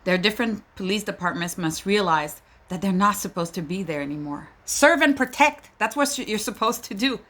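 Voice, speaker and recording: A woman's voice: medium pitch, expressive, moderate pace, few pauses, fairly bright tone. A woman, a mother, giving an emotional monologue, pleading and indignant. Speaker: mother speaking out. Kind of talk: impassioned personal monologue.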